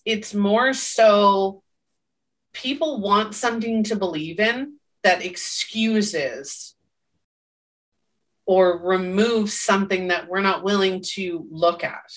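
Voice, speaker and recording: A woman with a bright, forceful tone co-hosts a casual chat podcast. She talks emphatically and keeps checking in with "right?" as she makes her points. Her voice sits a little back from the microphone. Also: medium pitch, slow, recorded from a distance. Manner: emphatic, tags statements with "right?". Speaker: podcast co-host.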